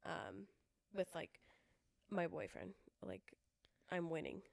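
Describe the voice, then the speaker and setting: A woman's voice: fairly low pitch, takes it slowly, creaky, no room sound, clean studio sound. A young woman co-hosting a podcast, telling stories in casual chat and acting out what others said. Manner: animated storytelling, acts out quotes. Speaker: podcast co-host.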